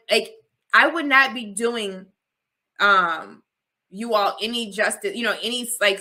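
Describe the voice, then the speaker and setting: A woman's voice: mid-range voice, pushed and bright. A young adult woman, a host and life coach, talking straight to her viewers in an emphatic, repetitive, personal and preachy way. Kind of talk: direct-to-camera talk to viewers.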